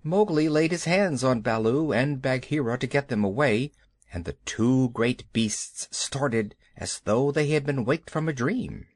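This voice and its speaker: Slow, expressive male storyteller. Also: medium pitch, dry recording. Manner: unhurried, expressive reading. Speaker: audiobook narrator. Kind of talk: scripted storybook narration.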